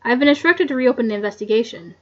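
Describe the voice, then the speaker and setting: A woman's voice: a little high, lively intonation, fast talker, a little mellow, muffled recording. A woman reading as a polite young magistrate. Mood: earnest.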